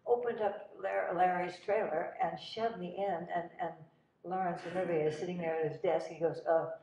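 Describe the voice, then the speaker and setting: An older actress telling animated stories about her career in a casual interview. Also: fairly low pitch, normal speed. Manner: animated, breathless anecdotes with laughs. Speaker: guest actress. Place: cinema. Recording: roomy, distant, dull sound.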